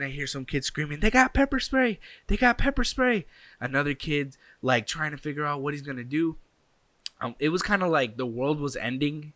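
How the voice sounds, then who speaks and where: A young man casually telling a personal anecdote, animated and acting out the people in it with sound effects. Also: medium pitch, no room sound. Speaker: storyteller.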